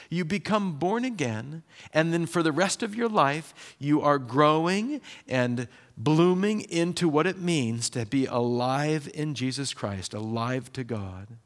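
Lively man preaching a sermon. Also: a little high. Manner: lively, conversational preaching with quick bursts. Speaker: pastor.

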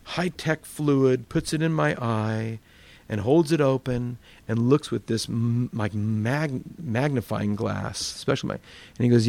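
A man's voice: mid-range voice, a little slow, vocal fry. A man preaching as a pastor, telling funny stories and acting out the voices of the people in them. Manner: animated, acts out voices in his stories. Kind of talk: storytelling sermon.

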